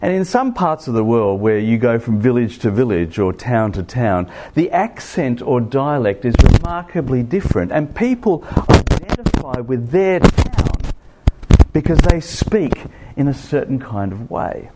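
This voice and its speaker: A man's voice: medium pitch, sing-song, measured pace, very noisy. A middle-aged Australian man preaching a sermon in a conversational way, asking the congregation questions.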